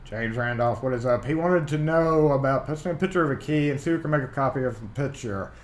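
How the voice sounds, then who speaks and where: A man's voice: mid-range voice, quick pace, a little hiss or hum. A man from Mississippi with a Southern accent hosts a casual live-stream chat, rambling and reading viewer comments aloud. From Mississippi, USA. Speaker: livestream host. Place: home workshop. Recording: roomy echo.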